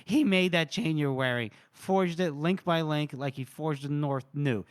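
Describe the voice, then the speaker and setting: A man voicing a defiant, scheming young male chieftain in a slow, cursing read while retelling a story. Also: on the high side, no room sound, clean studio sound, close to an everyday voice.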